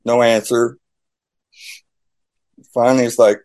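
A man sharing a personal faith testimony in conversation, telling his story in animated style and acting out the dialogue. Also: on the low side, unhurried, pauses often.

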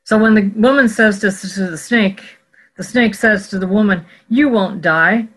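A Bible teacher giving a scripture teaching talk in a measured, explanatory way, often correcting themselves mid-sentence. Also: mid-range voice, a bit bright, poor audio.

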